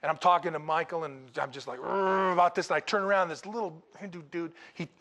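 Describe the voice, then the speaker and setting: A male preacher tells a story from the pulpit with lots of drama. His voice sits a little high and swings from loud, excited bursts to quiet, hushed lines. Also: fast talker. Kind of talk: sermon with personal story.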